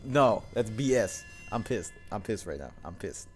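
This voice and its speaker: Young man, low voice, lively pitch swings, casual swearing game commentary, game music behind. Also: normal speed. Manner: casual, swearing, joking to himself. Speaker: gameplay commentator. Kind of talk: let's play commentary.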